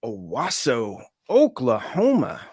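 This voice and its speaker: A man's voice: medium pitch, huge pitch swings, takes it slowly, a little mellow, breathy edge, no room sound, studio quality. A man hosting a live stream, casually reading out viewer comments and answering them. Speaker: host of an audio gear channel.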